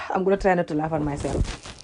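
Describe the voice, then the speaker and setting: Her voice sits low, with fairly even intonation and a normal speed, and there is background noise. She is a Gambian vlogger, a first-language Wolof speaker, ranting casually in reaction, often laughing at herself and repeating words while searching for them.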